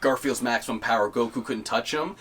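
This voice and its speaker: A man's voice: medium pitch, brisk, a bit bright, husky. A young man from Canada hosting a casual podcast chat, laid-back, swearing often and laughing between lines. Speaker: podcast host.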